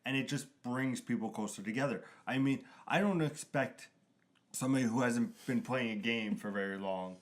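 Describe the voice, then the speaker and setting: A man with a mid-range voice co-hosts a casual gaming talk. He rambles through stories and examples and acts out quick quotes along the way. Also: mid-range voice. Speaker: podcast co-host. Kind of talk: casual chat.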